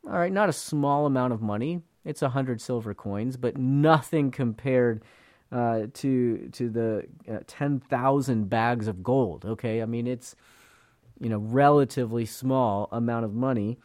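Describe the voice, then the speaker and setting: A man's voice: medium pitch, unhurried, darkish tone, no room sound. Earnest, dry-voiced male Bible teacher. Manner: earnest, repeats words, acts out quoted speakers.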